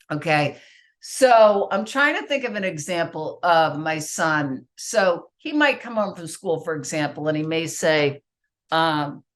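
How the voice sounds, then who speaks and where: A middle-aged woman co-hosting a talk show, explaining in a casual, teaching way and acting out little parent-child exchanges. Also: lowish voice. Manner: lively, acts out parent-child dialogue. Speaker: podcast co-host.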